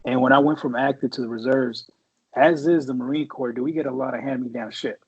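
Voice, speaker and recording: Man in his 40s, husky voice, rambling, swears a lot, dull lo-fi podcast sound. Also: mid-range voice, steady tone, brisk. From San Francisco Bay Area. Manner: profane and rambling, full of fillers and restarts. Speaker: podcast co-host, Marine veteran. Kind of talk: casual storytelling chat.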